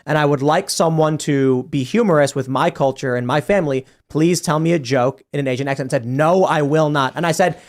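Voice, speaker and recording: A man hosting a casual podcast chat, telling an animated anecdote and stumbling over his words when excited. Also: on the high side, a little fast, few pauses. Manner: animated anecdote-telling, quoting himself and others; stammers and restarts when excited.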